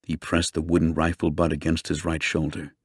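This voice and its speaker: A man narrating a true-crime book in a steady, measured storytelling voice. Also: rumbling low, slightly rough, dry recording, clean studio sound. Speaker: audiobook narrator. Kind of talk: scripted narration.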